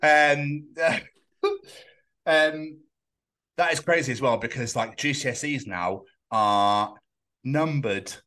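A man's voice: medium pitch, slow pace, long pauses, pushed and bright. A man from England hosting a podcast, chatting casually with lots of swearing and jokes. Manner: sweary, jokey, rambling. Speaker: podcast host. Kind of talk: casual chat.

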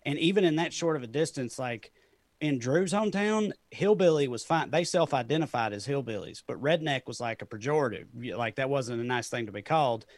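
A man's voice: medium pitch, expressive, brisk, no room sound. A man with a Southern Tennessee accent, a comedian talking loosely and often laughing in an interview. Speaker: comedian guest. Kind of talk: casual interview chat.

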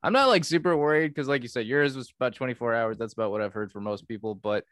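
Chatty laughing young man, smooth voice. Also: mid-range voice, quick pace, fairly bright tone, no echo, clean studio sound. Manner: chatty, laughs often, self-deprecating. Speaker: podcast co-host. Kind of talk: casual chat.

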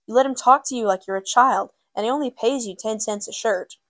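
A woman reading as a firm, gentle mother. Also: on the high side, brisk, dry recording.

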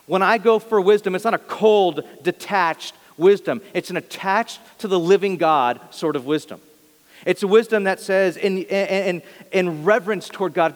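A man's voice: high-pitched, normal speed, in a large hall. A male pastor giving a sermon, talking in an earnest, conversational way and often correcting himself mid-sentence.

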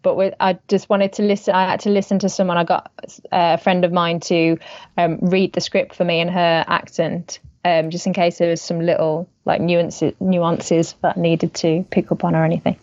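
A woman's voice: on the low side, little pitch movement, normal speed, a little mellow, no room sound, dull audio. A young woman, an actress, chatting casually and giggling often, with lots of fillers. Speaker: actress, co-host. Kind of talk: casual chat.

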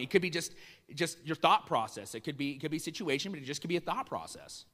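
A man's voice: fairly high pitch, big pitch swings, fast talker, bright, forceful tone. Man preaching in a reverberant hall. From Iowa. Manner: conversational, asks the crowd questions, acts out dialogue. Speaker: pastor. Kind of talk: sermon. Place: church hall. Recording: long reverb of a large church hall.

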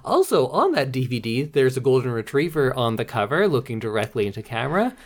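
A woman's voice: very deep voice, big pitch swings, fairly quick. A woman co-hosting a movie review chat, talking in a playful, sarcastic way. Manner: playful, sarcastic, puts on Southern voices. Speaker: podcast co-host reviewing movies. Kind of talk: casual chat.

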